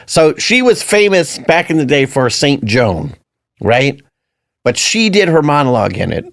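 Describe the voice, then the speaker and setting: Gravelly man chatting on a podcast. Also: a little high, very animated, measured pace, no echo, studio quality. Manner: rambling, anecdotal, swearing casually. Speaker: podcast co-host. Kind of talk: casual chat.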